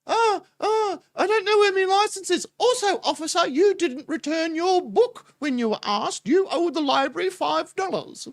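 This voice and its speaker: A man's voice: very high voice, animated, moderate pace, creaky, hardly any pauses, pitched above the performer's own voice, exaggerated voice. A man putting on a flustered, prim British woman with a British accent.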